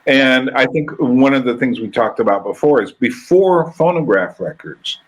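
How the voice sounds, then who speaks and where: A man with a husky, slightly breathy voice talks through ideas in a loose conversational way. He wanders and restarts as he thinks aloud, hosting a relaxed chat about music. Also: medium pitch, normal speed, low-quality recording. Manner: rambling, thoughtful, restarts often. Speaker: podcast host. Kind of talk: casual conversation reacting to a video.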